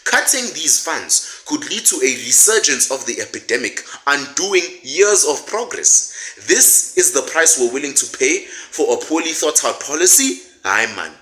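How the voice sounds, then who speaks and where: A man reads sharp political commentary in a very bright, forceful voice. His pitch swings widely as he piles on sarcastic rhetorical questions with indignation. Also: low-quality recording. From South Africa.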